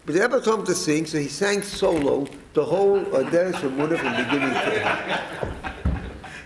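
A middle-aged man telling a family story to listeners, rambling and animated, acting out the quoted speech. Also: on the high side, normal speed, reverberant, noisy background.

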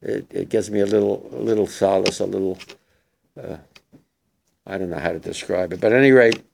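Older man, gravelly and emotional. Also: low-pitched, a little mellow, a little hiss or hum. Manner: emotional, halting, emphatic. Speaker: war veteran speaker. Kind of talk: memorial speech to students.

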